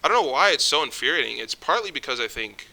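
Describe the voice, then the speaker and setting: A man's voice: mid-range voice, very animated, quick pace, gravelly, bright, forceful tone. A young man ranting casually to camera, jittery and stumbling over his words, swearing often. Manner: swears often, rambling restarts. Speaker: vlogger.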